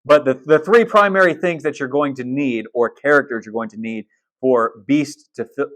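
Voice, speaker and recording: A man's voice: medium pitch, moderate pace, a bit bright. A male pastor preaching a sermon in a casual, storytelling way, retelling film scenes with blunt asides and restarts.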